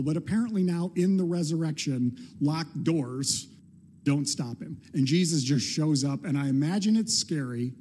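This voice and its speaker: Male pastor, informal sermon delivery, husky and slightly high voice, playful asides. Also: dark tone. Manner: conversational, playful, acts out quotes.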